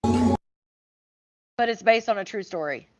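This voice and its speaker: A woman's voice: fairly high pitch, wildly swooping pitch, slow, very noisy. A woman giving casual, indignant reaction commentary, rambling with frequent fillers. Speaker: true-crime commentator. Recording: dull lo-fi dry audio.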